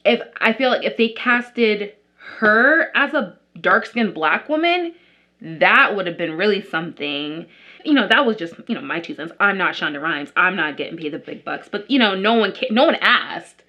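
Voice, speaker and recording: A woman's voice: lowish voice, moderate pace, bright, forceful tone, muffled recording. A young woman vlogger chatting casually as she does her makeup, rambling with lots of likes and restarts. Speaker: beauty vlogger. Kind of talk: casual chat while doing makeup.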